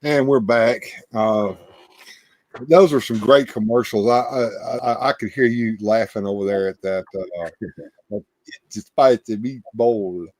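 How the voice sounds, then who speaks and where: A man's voice: mid-range voice, a little slow, darkish tone. A man hosting a live show, chatting casually and rambling with frequent restarts and repeated words. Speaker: livestream host. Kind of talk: casual chat.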